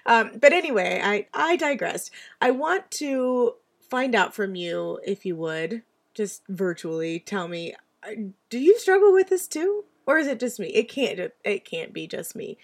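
A woman hosting her own podcast, hoarse and stuffy from allergies, talking in a chatty, confiding, self-deprecating way. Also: fairly high pitch, expressive, measured pace. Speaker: podcast host. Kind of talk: casual solo podcast talk. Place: home in the US Southwest.

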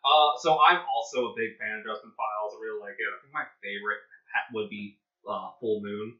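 Low-voiced man with a sharp bright tone. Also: fairly even intonation, brisk. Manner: enthusiastic, storytelling. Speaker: podcast co-host. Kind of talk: casual chat. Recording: echoey room, dull lo-fi sound.

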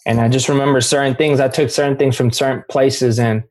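A man's voice: mid-range voice, fairly even intonation, brisk, a little mellow. A man sharing his personal recovery story in candid, emphatic talk. He often says "bro" and restarts his sentences.

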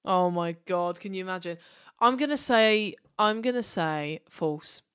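Woman host, expressive, excitable, dry close-miked sound, podcast chat. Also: fairly low pitch, measured pace, clean tone, no room sound. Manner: excitable, expressive, swears freely.

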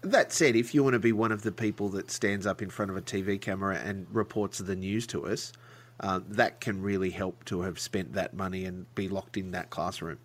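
A man's voice: deep voice, fairly even intonation, fairly quick. A man interviewing a guest, asking questions with a dry, teasing edge. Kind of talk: casual interview.

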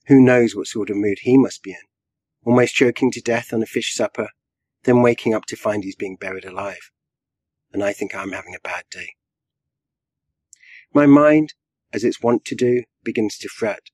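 A man, a writer, reading his own flash fiction aloud in a measured storytelling way with a dry wit. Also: medium pitch, a little mellow, dry recording. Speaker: writer and guest.

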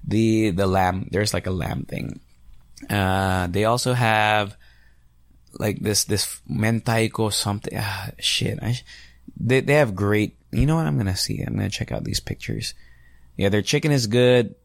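Male podcast host, 30s, chatty rambler, gravelly voice, dry close recording. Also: on the low side, measured pace, dry recording. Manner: rambling, chatty, swears freely. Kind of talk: casual solo podcast chat.

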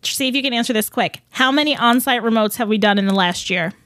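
A woman from Long Island running a trivia game on a podcast, asking questions in a brisk, matter-of-fact way. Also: on the high side, a bit bright, no room sound, studio quality. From Long Island, New York. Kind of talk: quiz hosting.

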